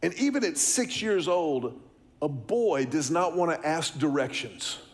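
A man's voice: fairly high pitch, lively intonation, unhurried. A middle-aged man, preaching a sermon, telling a story and asking the congregation questions. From Texas, US. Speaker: pastor.

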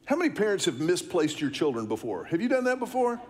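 High-voiced pastor preaching. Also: male voice, sing-song, quick pace. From Texas, US. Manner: storytelling, asks the congregation questions. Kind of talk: sermon.

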